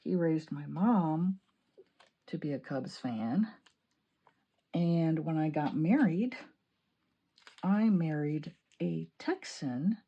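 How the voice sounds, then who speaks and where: A woman from Illinois chatting excitedly while decorating her planner, laughing often. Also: low-pitched, vocal fry, slightly rough, highs cut off. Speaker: planning vlogger. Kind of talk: chatty crafting vlog.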